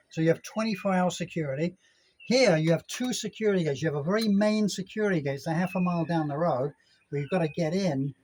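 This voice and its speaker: An older man talks casually into a handheld phone camera outdoors, wandering from thought to thought and correcting himself mid-sentence. His voice sits a little high for a man, and a faint outdoor ambience stays behind him throughout. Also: darkish tone, slight background noise, low-quality recording. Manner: rambling, chatty, self-correcting. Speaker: vlogger. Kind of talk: casual vlog chat. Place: outdoors at a gated apartment complex in Mexico.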